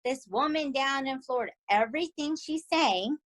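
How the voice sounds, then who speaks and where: A woman with a Southern US accent, co-hosting a podcast and recapping a TV series in animated, emphatic casual chat. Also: sits high, normal speed, rough recording. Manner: animated and emphatic, often asking "right?". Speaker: podcast co-host.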